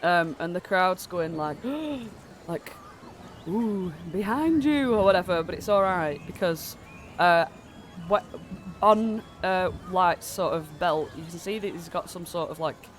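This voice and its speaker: A man's voice: high-pitched, fairly even intonation, a little slow, a bit bright, a little hiss or hum. A man narrating as game master of a tabletop game, rambling with lots of fillers while he has a cold.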